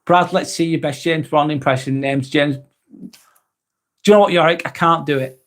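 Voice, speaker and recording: This male vlogger speaks at an ordinary pace in a slightly high voice, reading viewer comments during a casual livestream. He comes across as relaxed and chatty, with lots of ums and occasional cursing.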